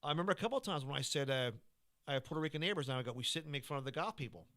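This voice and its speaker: A man's voice: mid-range voice, expressive, racing, a bit bright. A man, a stand-up comedian, chatting casually on a podcast and telling rambling stage stories with lots of restarts and laughs. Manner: rambling, self-interrupting, laughing storyteller.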